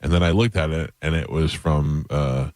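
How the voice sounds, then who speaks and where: Radio host, male, very low voice, dry studio sound, rambling self-deprecating chat. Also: moderate pace, a little mellow, no echo. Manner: rambling, self-mocking storyteller. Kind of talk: casual radio banter.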